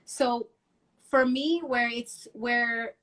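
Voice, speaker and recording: A middle-aged woman from New Jersey, a guest telling animated stories in a casual interview and mixing in Spanish phrases. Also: on the high side, very slow. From Union City, New Jersey.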